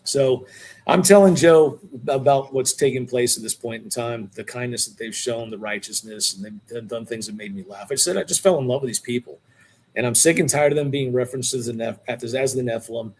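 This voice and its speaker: A middle-aged man, a guest on a podcast, telling a long story in a casual, animated way and often calling people "dude.". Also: mid-range voice, a little fast, husky.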